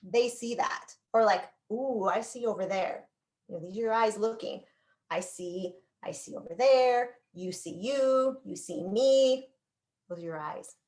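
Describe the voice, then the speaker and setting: A woman teaching an online class on a computer microphone, her voice sitting a little high. She speaks slowly and deliberately, stretching out words as she shows each sign. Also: a little mellow. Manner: slow, demonstrative, drawn-out words while signing. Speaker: sign language instructor.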